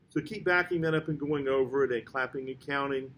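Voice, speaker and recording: A man teaching a band lesson, counting beats aloud and explaining rhythm in a steady, patient way. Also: mid-range voice, a little fast, a little hiss or hum, rough recording. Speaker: music teacher.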